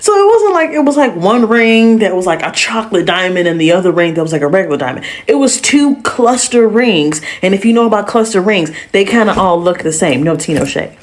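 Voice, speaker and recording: A woman spins a casual storytime tale at a middle pitch. She talks in lively slang and jumps into voices for the people in her story. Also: a little fast, hardly any pauses. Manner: animated, slangy, acts out quotes.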